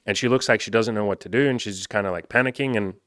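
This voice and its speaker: Guy dating coach rambling through a story, kinda low voice, swears a lot, dry close sound. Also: fast talker, a bit bright, no echo. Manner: loose and chatty, swears freely, many fillers like "like". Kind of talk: casual storytelling to camera.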